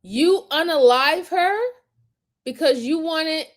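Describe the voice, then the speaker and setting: A woman hosting a live stream, reacting to crime footage with animated, indignant commentary and talking to her chat viewers. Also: sits high, slow pace. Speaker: host reacting to crime videos.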